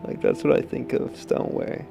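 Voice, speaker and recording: A man's voice: normal speed, music in the background. A man who makes pottery, chatting in a rambling, joking way with lots of fillers. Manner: rambling, filler-heavy, jokey. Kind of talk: casual interview chat.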